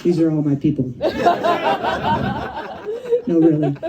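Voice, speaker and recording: A woman's voice: deep voice, level tone, unhurried, muffled recording, a loud crowd, heavy background noise. Middle-aged woman doing profane stand-up. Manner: chatty, profane, with frequent "you know" and "right?". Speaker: stand-up comedian, first-time performer. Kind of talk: stand-up comedy set. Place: comedy club stage. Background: audience laughing and cheering.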